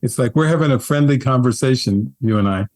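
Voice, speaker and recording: A man and spiritual teacher telling his story in an interview, earnest and animated, often laughing. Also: medium pitch, a little fast.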